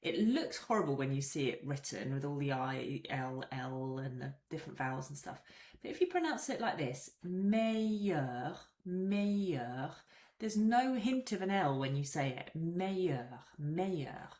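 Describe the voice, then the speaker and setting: A woman teaching a French grammar lesson, patiently repeating each example slowly. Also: rumbling low, sing-song, a little mellow. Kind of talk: explanatory language lesson. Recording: roomy echo.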